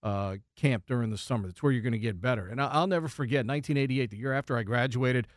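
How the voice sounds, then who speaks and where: A man's voice: mid-range voice, quick pace, no echo, studio quality. A man in his fifties co-hosting a sports radio show, reminiscing in an easygoing way. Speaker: radio co-host. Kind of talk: casual sports talk. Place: radio studio.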